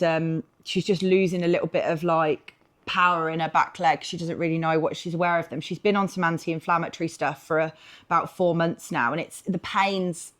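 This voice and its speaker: A middle-aged woman co-hosting a podcast, chatting casually in a rambling way with lots of fillers and the odd swear word. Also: lowish voice. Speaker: podcast co-host. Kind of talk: casual chat.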